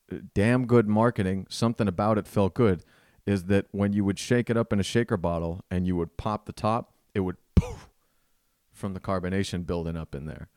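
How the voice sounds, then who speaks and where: A man hosting a podcast, telling a rambling, self-deprecating story in a casual, animated way. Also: low voice, dry recording, studio quality. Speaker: podcast host. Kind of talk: casual comedic storytelling monologue.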